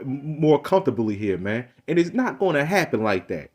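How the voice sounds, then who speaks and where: A man's voice: very animated, normal speed, hardly any pauses. Heated man ranting to camera. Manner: heated, repetitive, swings from low muttering to loud rising rants. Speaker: religious vlogger. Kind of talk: casual ranting monologue.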